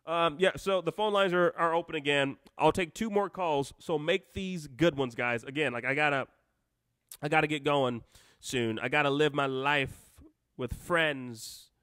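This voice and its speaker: A man's voice: a little high, measured pace, fairly bright tone, smooth, no room sound, studio quality. A man hosting a live stream, reading out comments and taking calls, rambling and cutting himself off with joking asides.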